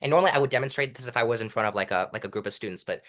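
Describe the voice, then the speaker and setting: A young man with a stuffy nose explaining public speaking technique as an interview guest, demonstrating changes in loudness and pitch as he goes. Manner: self-admitted fast talker. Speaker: interview guest, mock trial coach.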